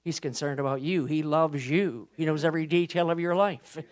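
Impassioned preacher with a high voice. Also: male voice. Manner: impassioned, swings from soft to loud, drawn-out emphasis. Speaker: Baptist pastor. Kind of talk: sermon.

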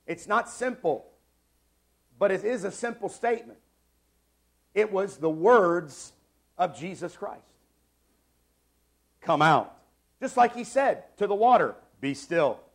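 A man in his forties gives an emphatic church sermon with a slightly high voice. He hammers his points home by repeating short phrases and moves between quiet asides and loud declarations. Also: lively intonation, measured pace, gravelly, pauses often. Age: 40s. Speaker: pastor. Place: church sanctuary.

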